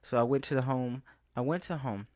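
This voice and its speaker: A man's voice: medium pitch, brisk, darkish tone, dry recording, clean studio sound. A young man ranting casually to the camera, rambling and exasperated, often acting out what he said to people. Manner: rambling, exasperated, restarts and quoted asides. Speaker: vlogger. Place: outdoors in a town, then home.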